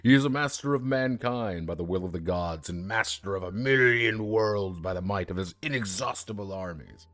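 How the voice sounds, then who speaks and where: A man's voice: fairly low pitch, normal speed, hardly any pauses, fairly bright tone. A man giving a solemn, grave dramatic scripted narration.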